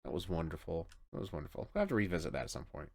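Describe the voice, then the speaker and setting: A man's voice: deep voice, very animated, rapid-fire, darkish tone. A man hosting a reaction video, rambling casually in late-night commentary. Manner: rambling, chuckling, tired late-night talk.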